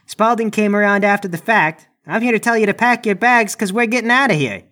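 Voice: mid-range voice, brisk, pushed and bright. A player in a tabletop game speaking in character, with a brash, cocky manner. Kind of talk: role-playing a character.

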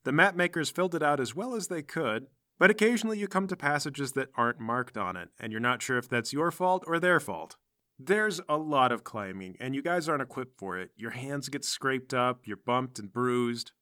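A man's voice: medium pitch, animated, moderate pace, bright, forceful tone, dry recording, clean studio sound. A man narrating as game master of a tabletop game, describing the scene steadily.

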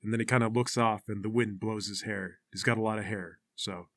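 A man narrating as game master in a casual, deadpan storytelling way. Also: on the low side, brisk.

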